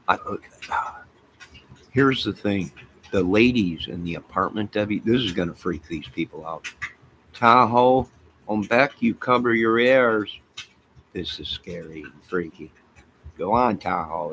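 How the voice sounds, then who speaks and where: A man's voice: deep voice, poor audio. A man hosting a casual livestream from home, rambling through stories and talking to his chat and his pets. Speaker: livestream host chatting with viewers. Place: home apartment by a fire. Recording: steady background noise.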